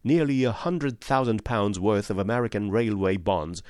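Man reading an old detective story, low steady voice, dry sound. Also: normal speed, no room sound. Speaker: audiobook narrator. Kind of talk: scripted narration of a detective story.

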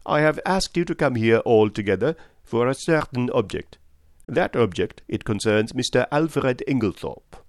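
A man's voice: medium pitch, animated, normal speed, no room sound, studio quality, close to an everyday voice. A man putting on Hercule Poirot, raised and theatrical. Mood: formal. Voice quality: formal, stagey delivery. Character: precise, theatrical older male detective.

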